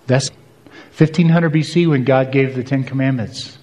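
A man's voice: medium pitch, normal speed, darkish tone, big-room sound. A man preaching a sermon, telling a personal story and acting out both sides of a conversation.

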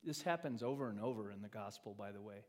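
A man preaching a sermon as pastor in a church, acting out quoted speech and swinging from loud, emphatic lines to quiet ones. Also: on the low side, quick pace. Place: church sanctuary. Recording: long reverb of a church hall.

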